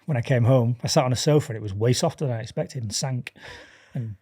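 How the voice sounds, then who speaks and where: Husky man telling a lively story. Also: mid-range voice, quick pace. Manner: animated storyteller acting out dialogue, laughing often. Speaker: podcast guest. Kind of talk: casual chat.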